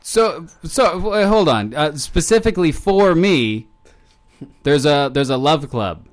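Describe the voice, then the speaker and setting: A man's voice: on the high side, lively intonation, slow. A man co-hosting a campus radio show in casual chat, telling stories in a dry, wry way. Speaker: radio co-host.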